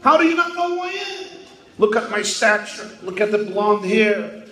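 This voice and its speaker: A man doing a boastful, outraged politician, pitched high. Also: completely flat delivery, rapid-fire, lightly acted. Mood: indignant boasting. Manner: bragging, indignant shouting. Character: boastful vain blond male politician, outraged. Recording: echoey hall with faint ambience.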